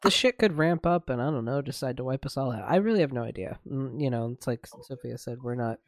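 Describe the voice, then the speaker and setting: A man's voice: medium pitch, animated, fast talker, no echo, clean studio sound. Easygoing man rambling with lots of fillers. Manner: rambling, filler-heavy talk with laughs. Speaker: podcast co-host. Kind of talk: casual podcast chat.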